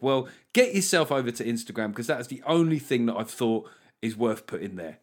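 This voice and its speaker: A man's voice: mid-range voice, lively intonation, fairly quick. A man hosting a podcast, chatting casually and joking, swearing and slipping into mock voices. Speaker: podcast host. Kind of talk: casual comedic chat.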